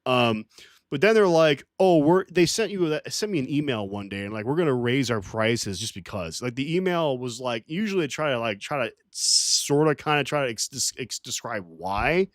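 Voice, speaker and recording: Male streamer, casual livestream rant; profane and rambling, animated voice, dry sound. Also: mid-range voice, normal speed, no echo. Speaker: streamer reading live chat.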